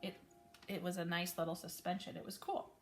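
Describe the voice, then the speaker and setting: A woman's voice: on the low side, little pitch movement, fairly quick. A woman giving a casual piano lesson, explaining chords plainly and correcting herself now and then. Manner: casual, friendly explaining with small self-corrections. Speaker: piano teacher. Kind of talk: relaxed spoken piano lesson. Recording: piano playing between talk.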